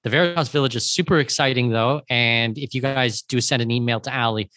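A man's voice: medium pitch, brisk, pushed and bright, no echo. Man hosting a Q&A, dry close sound. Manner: friendly, paraphrasing audience questions. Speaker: podcast host moderating questions. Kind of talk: casual webinar Q&A.

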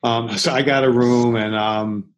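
A man's voice: medium pitch, fairly even intonation, unhurried, rough recording. Rambling man. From Philadelphia, United States. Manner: rambling, many restarts, swears freely, acts out quotes. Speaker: chef and interview guest. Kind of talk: casual storytelling in a podcast interview.

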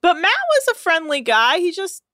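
A woman's voice: very high-pitched, sing-song, normal speed, sharp tone, no echo, studio quality. A woman co-hosting a podcast in casual chat, sarcastic, swearing freely and laughing often. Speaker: podcast co-host.

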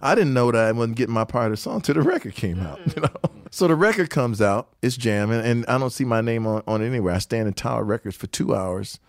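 An older man, a guest musician, telling anecdotes from his career in an animated way, often laughing and acting out other people's words. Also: mid-range voice, fast, hardly any pauses, no room sound. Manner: animated storyteller who acts out quotes and laughs often. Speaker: guest musician, guitarist and songwriter. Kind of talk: storytelling interview anecdotes.

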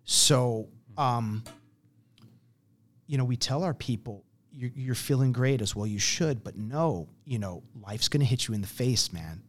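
A man's voice: lowish voice, lively intonation, a little slow, fairly bright tone. A man in a conversational interview, explaining his program earnestly, telling stories and acting out quotes along the way. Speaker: program founder.

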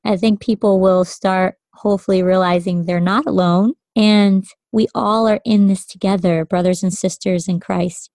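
A woman's voice: mid-range voice, fairly even intonation, normal speed, hardly any pauses, darkish tone, no echo. A woman hosting a faith conversation, affirming her guest and speaking with gratitude. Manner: affirming, thankful. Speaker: host.

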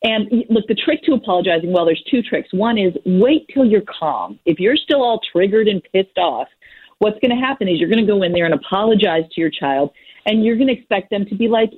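Woman, parenting expert, blunt and husky, phone-quality sound. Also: mid-range voice, quick pace, no room sound. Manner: frank, plainspoken, mild swearing. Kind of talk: casual advice talk. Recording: muffled phone-like line.

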